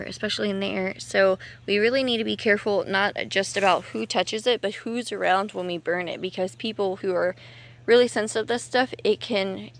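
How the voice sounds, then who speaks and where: A woman's voice: mid-range voice, a little hiss or hum. Chatty woman vlogging outdoors, out of breath. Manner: chatty and rambling, thinking aloud. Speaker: homesteading vlogger. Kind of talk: casual outdoor vlog narration. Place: outdoors in a yard clearing brush.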